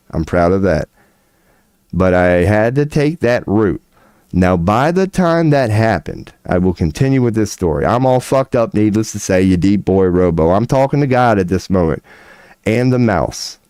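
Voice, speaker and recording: Male streamer, low voice, slangy and profane, dry close sound. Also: clear, resonant tone, no echo. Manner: animated, rambling, profane storytelling with slang. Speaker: livestream host. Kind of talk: casual livestream storytelling.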